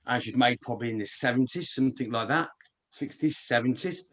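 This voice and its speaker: A man co-hosting a casual chat, telling stories excitedly and repeating words as he rushes on. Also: medium pitch. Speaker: co-host.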